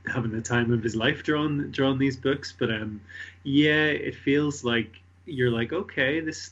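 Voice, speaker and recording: A man's voice: medium pitch, fairly bright tone, slightly rough, dull audio. A man co-hosting a casual comic book podcast, enthusiastic and easygoing, rambling a little. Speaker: podcast co-host.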